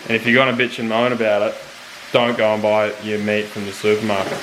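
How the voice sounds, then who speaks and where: A man's voice: lowish voice, monotone, quick pace, fairly bright tone, a little hiss or hum. A man with an Australian accent, chatting candidly and casually with slang and the odd swear word. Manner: laid-back, candid, uses slang and swears. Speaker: fishing video maker visiting as a guest. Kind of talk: casual chat. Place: home kitchen, indoors. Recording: echoey kitchen.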